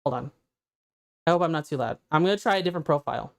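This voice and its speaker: A woman game streamer, a little congested, chatting excitedly with her live chat into a condenser microphone. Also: low-pitched, fast talker.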